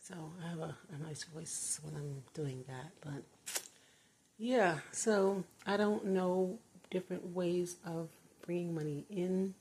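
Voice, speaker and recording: A woman's voice: lowish voice, takes it slowly, dark tone, a little hiss or hum. An older retired woman chatting casually from her bedroom, rambling and laughing often. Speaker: vlogger. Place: her bedroom, door closed.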